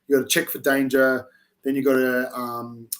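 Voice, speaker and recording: Young male interviewee from South Australia, animated storyteller, mid-pitched everyday voice, casual chat. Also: moderate pace. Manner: animated storyteller with many restarts. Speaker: interview guest, army reserve recruit.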